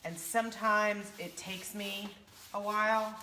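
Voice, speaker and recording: Bright lively woman chatting away while she paints on a phone livestream. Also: mid-range voice, measured pace, slight background noise. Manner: chatty, animated storytelling. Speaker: furniture painting livestream host.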